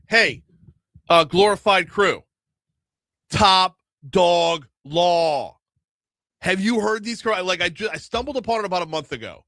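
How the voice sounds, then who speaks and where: Give me a high-voiced talk radio host, dry close studio mic. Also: male voice, no room sound. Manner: rambling, animated, self-interrupting. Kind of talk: casual on-air banter.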